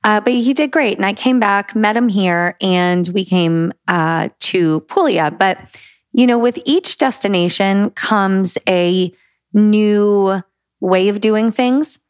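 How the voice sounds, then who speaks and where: A woman's voice: medium pitch, slow, clear, resonant tone, no echo, clean studio sound. A middle-aged woman from the United States co-hosting a casual travel chat, laughing easily and steering the talk. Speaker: co-host.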